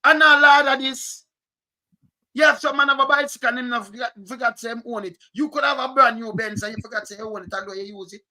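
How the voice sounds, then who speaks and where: A man with a Jamaican accent reading through documents and commenting, animated and emphatic in patois. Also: very high voice, fast, few pauses. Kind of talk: casual chat.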